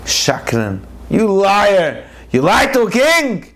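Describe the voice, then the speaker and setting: A man's voice: fairly high pitch, lively intonation, takes it slowly. A man voicing a haughty, short-tempered male lion king in a spoken parable, demanding and indignant. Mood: imperious.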